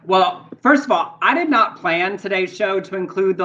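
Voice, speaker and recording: A man co-hosting a podcast, chatting about the news in a campy, playful way with quick asides. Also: high voice, sharp tone. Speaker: podcast co-host. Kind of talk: casual news chat. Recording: dull lo-fi sound.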